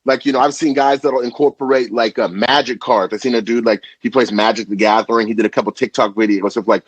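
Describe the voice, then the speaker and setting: Husky animated man in casual chat. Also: mid-range voice, quick pace, hardly any pauses, dry recording. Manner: animated, slangy, swears freely. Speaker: podcast guest, food content creator.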